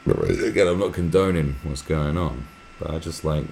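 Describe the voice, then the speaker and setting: Very deep-voiced sweary man. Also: moderate pace, gravelly, darkish tone, a little hiss or hum. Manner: sweary, restless, often breaks into mocking impressions. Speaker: live stream host. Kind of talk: casual rambling commentary.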